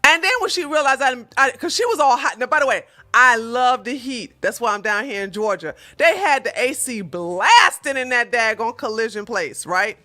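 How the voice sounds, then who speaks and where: A woman with a high, bright, clear voice vents to her viewers about everyday annoyances. She tells the story casually and with real exasperation, speaking straight to them as if they were friends. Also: expressive, normal speed, few pauses. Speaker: vlogger.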